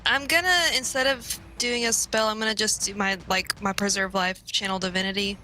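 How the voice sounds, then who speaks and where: A woman's voice: mid-range voice, steady tone, brisk, sharp tone. A woman playing a tabletop role-playing game, thinking aloud hesitantly with many ums. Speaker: player. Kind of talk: casual tabletop play.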